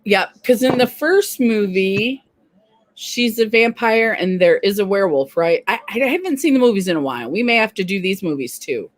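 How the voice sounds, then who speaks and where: A woman's voice: mid-range voice, animated, normal speed, no room sound. A woman co-hosting a casual live stream, chatting and greeting viewers by name.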